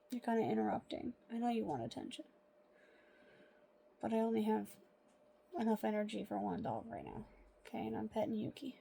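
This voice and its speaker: A young woman talking casually into a phone she holds, now and then dropping to soft coos and whispers. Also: a little high, vocal fry. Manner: chatty, drops to soft coos and whispers with her dog. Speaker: vlogger. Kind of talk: casual vlog chat. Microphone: phone held by a strap.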